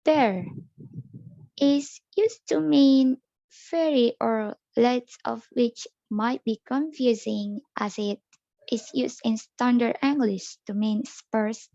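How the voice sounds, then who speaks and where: A young woman student reading an educational narration slowly and carefully. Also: fairly high pitch, creaky, warm tone, no echo, highs cut off. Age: young adult. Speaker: student presenter. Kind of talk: read-aloud educational narration.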